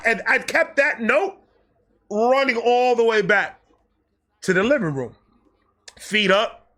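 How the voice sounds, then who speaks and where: With a high, bright voice and a New York accent, this storyteller host launches into a wild storytime full of big, animated energy. He swears freely, acts out voices, and keeps slipping into low mutters, speaking at a slow pace over a little hiss or hum.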